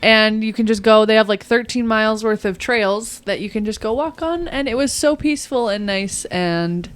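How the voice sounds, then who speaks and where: A woman co-hosting a book podcast in relaxed, easygoing casual chat. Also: on the high side, moderate pace. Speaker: podcast co-host.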